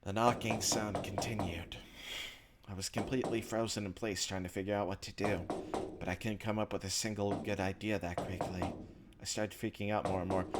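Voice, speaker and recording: A man's voice: fairly low pitch, very noisy. A man hosting a let's play, reading visual novel text aloud with casual, offhand asides. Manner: casual, offhand asides between read lines.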